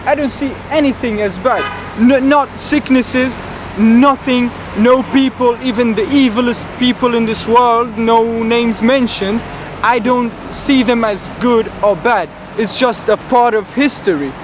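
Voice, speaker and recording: A man's voice: very high voice, a little slow. A man doing a boastful dreamer by traffic. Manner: rambling, boastful, full of fillers. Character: grandiose, dreamy young man with big ambitions. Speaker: interviewee. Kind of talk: comedic street interview. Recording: outdoor traffic noise.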